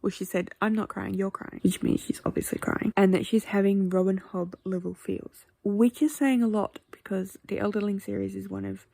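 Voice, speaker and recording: A woman chatting in a casual reading vlog, excitable and gushing, sometimes dropping to a whisper. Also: medium pitch, moderate pace, creaky, hardly any pauses, no room sound. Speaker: book vlogger.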